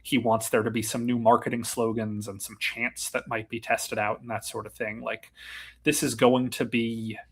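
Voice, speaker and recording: Sports reporter guy, bit husky, dry jokey delivery. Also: medium pitch, level tone, moderate pace, fairly bright tone. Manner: dry, jokey, self-deprecating. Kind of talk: casual sports chat.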